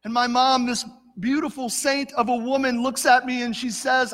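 A middle-aged pastor preaches at a moderate pace in a very high-pitched, fairly bright voice with flat delivery. Recorded with the long reverb of a church sanctuary, he earnestly shares a personal story and addresses everyone as "church."

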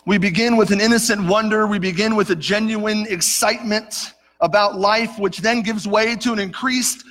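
Earnestly telling a personal story, a middle-aged pastor addresses the congregation as "church" during a sermon in the sanctuary. His high, fairly bright voice keeps a fairly even intonation at a moderate pace, and the hall's long reverb is clear.

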